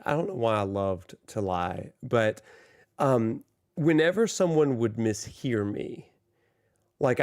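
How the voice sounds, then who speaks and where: A young man casually commentating over a music video on a livestream, excitable and full of asides and fillers. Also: mid-range voice. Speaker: streamer reacting to a music video.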